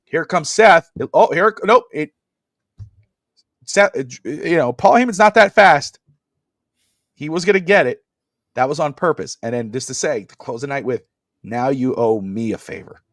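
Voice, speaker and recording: A man co-hosting a wrestling podcast, chatting casually and animatedly, acting out wrestlers' lines with sudden shouted bursts. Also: a little high, lively intonation, moderate pace, pauses often, no echo, studio quality. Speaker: podcast co-host. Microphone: podcast mic on a live stream.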